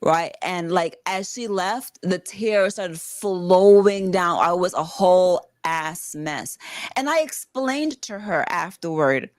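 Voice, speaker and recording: A woman from the Bronx, a podcast guest telling a personal story in casual talk, animated and swearing freely. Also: fairly low pitch, slow pace, dry recording. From the Bronx, New York.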